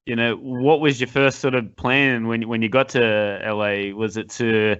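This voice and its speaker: A man's voice: medium pitch, level tone, measured pace, fairly bright tone, clear, resonant tone, highs cut off. A man hosting a podcast, asking rambling questions with many restarts in casual chat. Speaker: podcast host.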